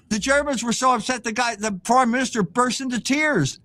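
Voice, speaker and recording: An older man speaks as a guest author on a live interview stream. His voice sits high, and he lectures in an opinionated, emphatic way. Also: brisk, hardly any pauses, sharp tone.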